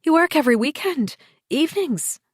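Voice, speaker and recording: A woman's voice: sits high, animated, normal speed, dry recording, clean studio sound, voice pushed up. Woman voicing a suspicious, hurt wife. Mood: accusing. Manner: anxious, accusing, pleading.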